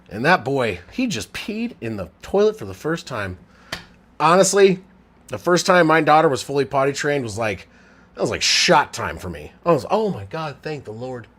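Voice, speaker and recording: A slightly drunk man in his thirties does casual live play-by-play and chats with viewers. His voice sits a touch high and leaps around, dropping to low mumbles and then jumping to loud, excited shouts. His throat sounds strained. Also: moderate pace. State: tipsy, drinking. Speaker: livestream sports commentator.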